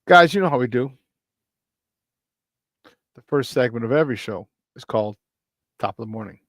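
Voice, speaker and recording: A man hosting a casual sports talk show, excitable and repeating phrases for emphasis, reading off stat lines in quick lists. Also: medium pitch, no room sound. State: doing burpees while talking.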